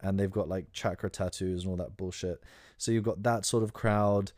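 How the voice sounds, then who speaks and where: A man's voice: low-pitched, fairly even intonation, moderate pace, darkish tone, no echo, studio quality. A young man hosting a solo podcast, talking casually in a crude, sarcastic way with lots of ums. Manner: crude, sarcastic, rambling with many fillers. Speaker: podcast host.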